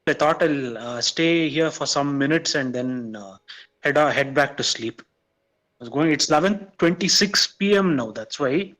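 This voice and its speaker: A man's voice: on the high side, expressive, normal speed, fairly bright tone, rough recording. A man joining a live stream as a viewer, talking hesitantly with lots of stammers and fillers. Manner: hesitant, stammering, many uh's. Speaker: viewer guest. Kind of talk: casual stream chat.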